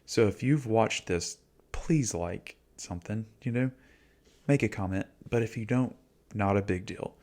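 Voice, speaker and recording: A man's voice: fairly low pitch, a little slow, a little mellow. A man in his forties, a YouTube host, talking casually and reflectively in an easygoing, slangy coaching manner.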